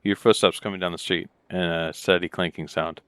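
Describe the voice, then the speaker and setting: A man casually reading game text and muttering asides as he plays. Deep, smooth voice on a close mic with a dry, flat sound. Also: a little fast, no echo. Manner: laid-back, muttering asides between reading. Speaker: let's play gamer.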